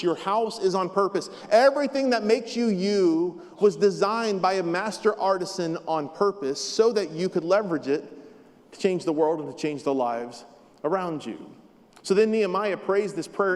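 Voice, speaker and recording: A man preaching a sermon as a pastor, emphatic and repetitive with touches of light humor, heard in a church sanctuary. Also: high voice. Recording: long hall reverb.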